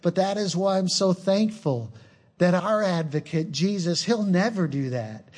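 A man's voice: high-pitched, measured pace, darkish tone. A male preacher delivering an earnest sermon, mixing scripture with personal stories.

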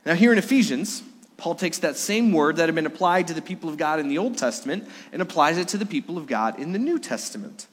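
An earnest male pastor preaches a sermon, weaving in stories and asking his listeners direct questions. His voice sits slightly high for a man, and a long hall reverb trails behind every phrase. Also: lively intonation, quick pace, slightly rough.

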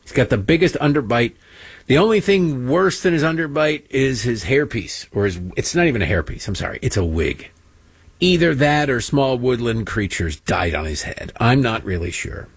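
A man's voice: very animated, moderate pace, slightly rough, no room sound. A man hosting a political talk show, giving sarcastic, mocking commentary between played clips. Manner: mocking, mimics people in high silly voices.

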